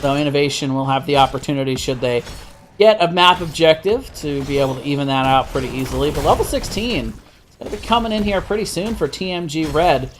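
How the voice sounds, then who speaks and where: Slightly high-voiced male game caster. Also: brisk, slight background noise. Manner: steady play-by-play with frequent self-corrections. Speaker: esports caster. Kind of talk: live play-by-play commentary.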